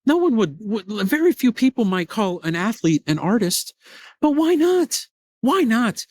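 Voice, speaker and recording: A man hosting his own podcast, telling stories in an animated way, often restarting his sentences. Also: sits high, a little slow. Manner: animated, repetitive restarts, excited storytelling. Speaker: podcast host. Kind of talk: solo podcast storytelling.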